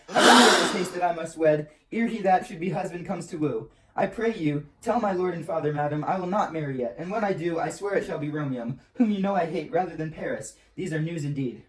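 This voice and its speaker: A woman's voice: fairly low pitch, brisk, few pauses, natural voice. A woman playing a desperate, defiant young noble daughter in an amateur Shakespeare reading, earnest and pleading. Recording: roomy echo.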